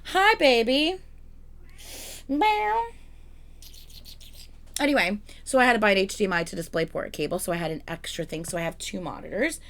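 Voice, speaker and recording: A woman's voice: fairly low pitch, expressive, very fast, few pauses, a bit bright. A young woman streaming from home in casual chat, swearing freely and ranting in a rambling, exasperated way.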